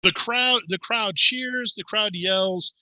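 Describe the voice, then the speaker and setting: A man with a strikingly bright voice narrates a tabletop role-playing game as its game master. He tells the scene briskly with plenty of fillers, recorded close and dry. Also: sits high, dry recording, highs cut off.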